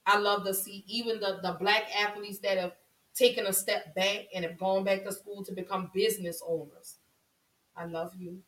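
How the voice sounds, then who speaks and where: A woman's voice: medium pitch, steady tone, normal speed, a bit bright. A woman giving an impassioned monologue to her viewers. She speaks with emotion and often repeats herself for emphasis. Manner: impassioned, repetitive, voice rising with emotion. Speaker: vlogger. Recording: roomy echo, voice from a distance.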